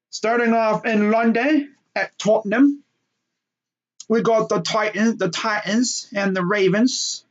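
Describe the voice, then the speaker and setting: A man's voice: a little high, highs cut off. A young man casually talking through his weekly football picks, joking and rambling with lots of fillers. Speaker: sports picks host. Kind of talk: casual solo sports talk.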